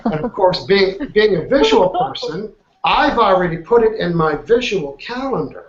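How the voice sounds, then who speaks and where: A man's voice: high-pitched, very animated, moderate pace, a crowd in the background. A man leading an online coaching class, upbeat and chatty, often checking in with his students. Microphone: video call. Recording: muffled online call audio.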